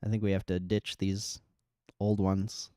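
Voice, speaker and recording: Chill low-voiced dude streaming, swears a bunch, dry close mic. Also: male voice, flat delivery, a little slow, mellow, clean tone, dry recording. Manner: laid-back, swears a lot, laughs often. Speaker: livestream host. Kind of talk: casual livestream chat reading comments.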